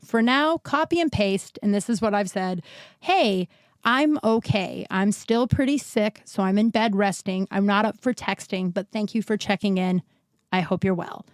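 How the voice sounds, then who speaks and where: Sick and tired, this woman still hosts her solo podcast, talking candidly and rambling, frequently stopping mid-sentence and casually cursing. She speaks at a normal speed in a mid-range voice, recorded dry with studio quality.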